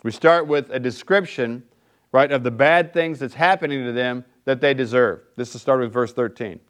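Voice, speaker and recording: A man preaching a sermon in a relaxed, conversational way, often checking in with his listeners. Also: mid-range voice, moderate pace. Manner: conversational, keeps asking "right?". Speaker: pastor.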